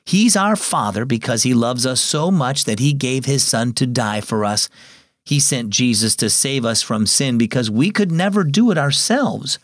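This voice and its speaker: A weary but kind father who speaks gently and reassuringly, as a man voices him in a story reading. His tone rises and falls with expression, and the sound is close and dry. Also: mid-range voice, expressive, moderate pace, no echo, natural voice. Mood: gentle. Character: kind, tired, faithful father.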